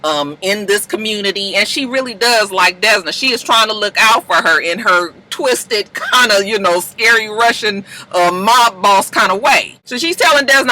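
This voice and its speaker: A woman doing a lively, bright-voiced chatty episode recap. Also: mid-range voice, normal speed, hardly any pauses, low-quality recording. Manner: chatty and animated, laughs often, slangy asides. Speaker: TV episode reviewer.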